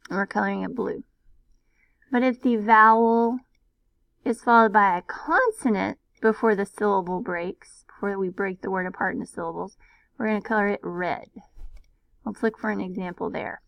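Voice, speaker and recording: Gravelly-voiced woman teaching phonics. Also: medium pitch, no room sound, low-quality recording. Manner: patient, sounds words out slowly. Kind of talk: recorded phonics lesson.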